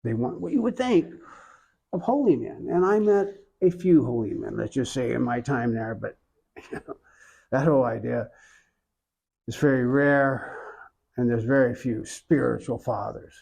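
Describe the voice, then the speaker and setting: An older American man with an Oklahoma accent and a gravelly edge to his voice. He sits for an interview and tells a long personal story in a slow, reflective way, pausing often. His pitch sits in the middle range for a man. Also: darkish tone, rough recording. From Oklahoma, USA. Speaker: interviewee, iconographer.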